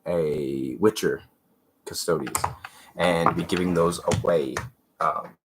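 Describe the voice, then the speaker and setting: Over a noisy background, a man speaks slowly in a low, congested voice. He's hosting a livestream and painting miniatures, his casual commentary rambling along and trailing off into muttering as he works.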